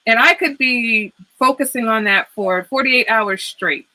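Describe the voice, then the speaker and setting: A woman's voice: on the high side, unhurried, pushed and bright, poor audio. A woman who reads tarot, a guest on a podcast, talking casually and reflectively and often tagging her points with "right?". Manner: reflective, frequent "right?" and "okay?" tags. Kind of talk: casual conversation.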